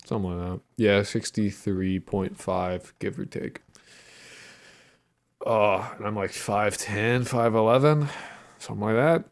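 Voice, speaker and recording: A man's voice: fairly low pitch, steady tone, a little slow. A man streaming his game development and chatting casually with his viewers, reading their messages aloud and answering with profane, joking banter. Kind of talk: casual livestream chat.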